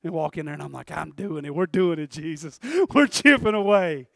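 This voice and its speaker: A middle-aged man preaching a sermon and telling a personal story in a folksy way, swinging from hushed to loud. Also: a little high, very animated, normal speed, creaky, no echo, clean studio sound. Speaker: pastor. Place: church sanctuary.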